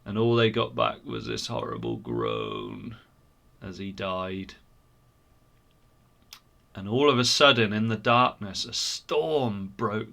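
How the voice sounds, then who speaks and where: A man retelling a story for children at church, animated and expressive. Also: mid-range voice, creaky.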